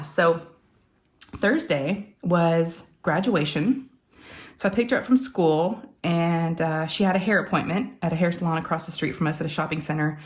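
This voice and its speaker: A middle-aged woman hosting a crafting channel, telling a family story in casual, rambling, heartfelt chat with lots of fillers and restarts. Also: sits low. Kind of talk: casual chatty storytelling to viewers.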